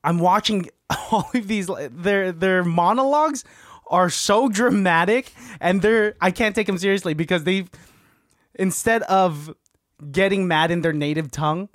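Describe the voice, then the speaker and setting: A man co-hosting a casual chat, animated and quick to laugh as he tells stories. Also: high-pitched, dry recording, clean studio sound. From Filipino family. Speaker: podcast co-host.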